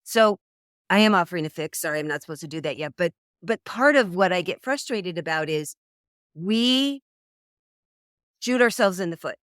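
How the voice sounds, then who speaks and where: A middle-aged woman talking as a dating coach in an interview, an animated storyteller who acts out quoted voices. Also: lowish voice, normal speed, no room sound, clean studio sound. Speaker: dating coach, podcast guest. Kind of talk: conversational interview.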